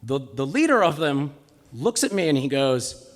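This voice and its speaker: A man's voice: medium pitch, sing-song, a little slow, fairly bright tone. A man telling a personal story live on stage, with a comic, self-mocking delivery. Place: live stage in a cultural center.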